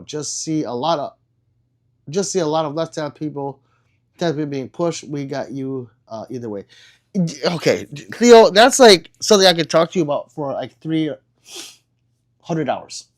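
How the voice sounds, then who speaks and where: A man hosting a casual livestream and answering viewer comments in a blunt, profane and excitable way, with sudden loud outbursts. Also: a little high. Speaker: livestream host.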